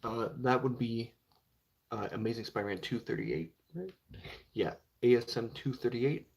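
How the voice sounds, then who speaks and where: A man's voice: mid-range voice, normal speed, vocal fry, a little mellow. A young man chatting casually on a live stream about comic books, rambling and filling with 'like' and 'you know'. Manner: rambling, heavy with filler words.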